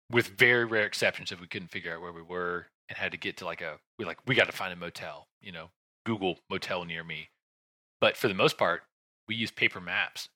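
A man's voice: on the low side, sharp tone, dry recording. A man in his thirties telling a rambling travel story in a casual way, with restarts, asides and sighs. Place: home room with a shelf behind him.

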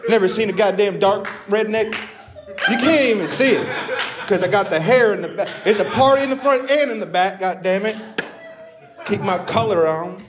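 A man's voice: medium pitch, moderate pace, crowd noise, lightly acted. A male comedian voicing a crude, rambling Texas redneck character on stage. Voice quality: crude, drawling, self-mocking patter. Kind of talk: stand-up character bit.

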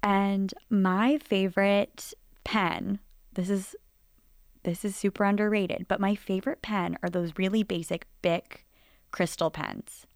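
A woman's voice: medium pitch, steady tone, measured pace, gravelly, no room sound, clean studio sound. A young woman co-hosting a podcast, chatting with her friend in an enthusiastic, casual way. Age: young adult. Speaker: podcast co-host.

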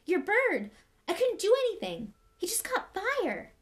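Woman doing a nervous schoolboy wizard, high and jumpy, storybook style. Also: wildly swooping pitch, a little slow, exaggerated voice. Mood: panicked. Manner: hesitant, then panicky. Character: anxious boy wizard, about twelve.

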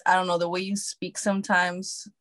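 A woman's voice: fairly low pitch, flat delivery, moderate pace, fairly bright tone, no room sound. A woman who works as an actor chatting casually, loose and repetitive with many fillers. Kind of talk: casual chat.

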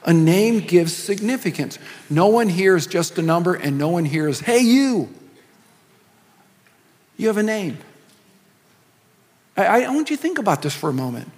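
A middle-aged man preaching a sermon as pastor, talking in a loose, joking way with many asides. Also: high voice. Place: large church hall. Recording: long hall reverb.

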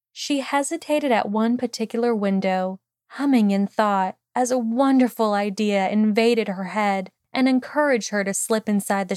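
A woman narrating a fan fiction story in a calm, steady storytelling voice. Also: fairly high pitch, dry recording, clean studio sound. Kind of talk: audiobook reading of fan fiction.

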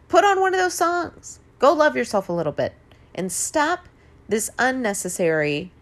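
A woman in her forties hosts an emphatic, casual motivational monologue, swearing now and then and laughing easily. Her voice sits high and sing-song, at a measured pace.

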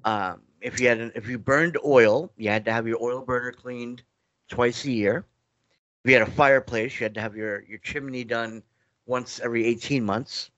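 A middle-aged man tells stories as an interview guest. He rambles, restarts his sentences, and slips into the voices of the people he quotes. His voice sits at an ordinary pitch and is recorded close and dry. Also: steady tone, moderate pace, fairly bright tone, no room sound, lo-fi sound. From New York. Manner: rambling, restarts often, acts out quoted dialogue. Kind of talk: casual interview storytelling.

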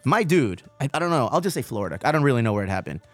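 A man's voice: medium pitch, big pitch swings, racing, dry recording, soft background music. Profane, slangy podcast host, man. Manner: profane, slangy and rambling, calls people dog and bro. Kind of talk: casual podcast chat.

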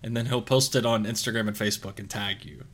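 Young guy on a podcast, bright forceful voice, rambles a lot with uhs and restarts. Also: lowish voice, fairly even intonation, fast talker, breathy edge. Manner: rambling storyteller with many fillers and restarts. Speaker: podcast co-host. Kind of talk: casual podcast chat.

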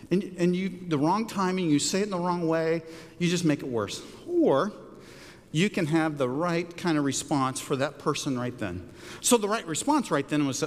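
A middle-aged male pastor preaching in a church sanctuary, his voice sitting high for a man. He tells stories in an animated way and climbs up sharply whenever he quotes someone. The sound carries a long, ringing reverb from the hall. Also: normal speed. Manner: animated storyteller, rises high for quoted lines. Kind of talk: sermon with storytelling.

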